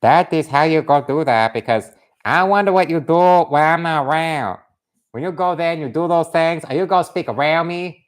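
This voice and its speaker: Brief: a man doing an angry swearing wall-builder in broken English, pitched a bit high, for a livestream. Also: moderate pace, natural voice. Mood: musing. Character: furious foul-mouthed man guarding his wall. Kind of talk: comic put-on voice on a livestream.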